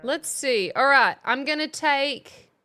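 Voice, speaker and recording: A woman's voice: high voice, animated, slow pace, bright, forceful tone. A woman streaming as a playful mock substitute teacher, chatting casually and reading out viewers' names.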